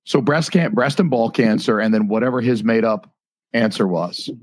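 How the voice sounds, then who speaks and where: A man in his thirties hosts a podcast livestream, rambling through crude comedic banter and jokes with many restarts. His voice is fairly low, his pace moderate, and there's no echo.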